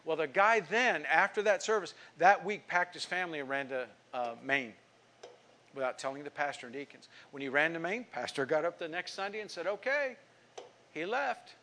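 A middle-aged man preaching with a slightly high voice. He tells a story and voices its people, pushing some lines hard and dropping others to a near hush. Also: expressive, moderate pace, slight background noise. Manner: storytelling, acting out quoted speech; emphatic preaching with sudden drops to quiet. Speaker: pastor. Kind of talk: sermon.

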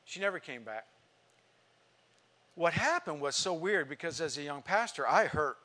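An older male pastor tells a painful story from the pulpit, his voice sitting a little high for a man. He is earnest and emotional and acts out the voices of the people he quotes. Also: very animated, moderate pace, bright, forceful tone. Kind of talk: sermon storytelling.

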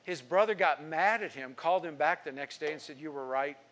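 A middle-aged man preaching with a slightly high voice. He tells a story and voices its people, pushing some lines hard and dropping others to a near hush. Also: a little fast. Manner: storytelling, acting out quoted speech; emphatic preaching with sudden drops to quiet. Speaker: pastor. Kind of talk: sermon.

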